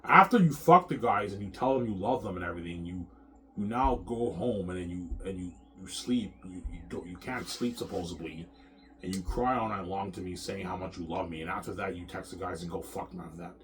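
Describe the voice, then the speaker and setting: A man in his thirties vents in a rambling vlog, his voice sitting very low. He sounds angry and profane, circles back over the same points, and restarts sentences. A faint hiss of noise sits under him. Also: normal speed, fairly bright tone. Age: 30s. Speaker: vlogger. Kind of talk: rambling personal rant to camera.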